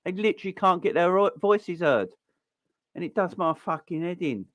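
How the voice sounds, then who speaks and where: A man's voice: high voice, lively intonation, normal speed, dry recording. A man in his forties from South London, with a South London accent, hosting a football fan channel and delivering an angry, sweary rant with frequent repeats and restarts. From South London, England. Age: 40s. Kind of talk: heated fan rant to camera.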